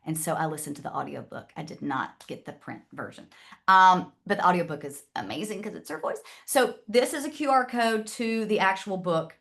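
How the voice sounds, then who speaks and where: A woman's voice: lowish voice, animated, a little fast, gravelly, a bit bright. A woman from the American South with a Southern accent, presenting to an audience in a chatty, direct way. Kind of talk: casual talk to an audience.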